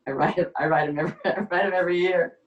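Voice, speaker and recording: A woman doing a stand-up comedy set with a rambling, halting deadpan delivery, often trailing off and restarting. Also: fairly low pitch, muffled recording, a little hiss or hum. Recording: echoey room, far from the mic.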